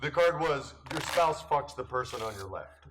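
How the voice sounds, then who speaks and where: A man's voice: medium pitch, animated, moderate pace, noisy background. A man hosting a card game at a table, teasing his guests and laughing often. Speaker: host. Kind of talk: casual banter over a card game. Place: indoor room around a game table.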